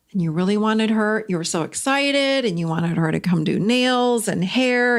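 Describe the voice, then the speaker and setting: A middle-aged woman talks on her solo podcast in a casual, expressive way. Her delivery lifts sharply when she makes a point and sinks into low, confiding asides. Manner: animated and expressive, swings between bright emphasis and low confiding asides. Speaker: podcast host.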